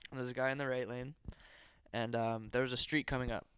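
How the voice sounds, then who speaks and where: A man's voice: medium pitch, flat delivery, fairly quick, fairly bright tone, slight background noise. A young man from Canada co-hosting a podcast, telling a loose, sweary story over casual chat and laughing often. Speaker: podcast co-host.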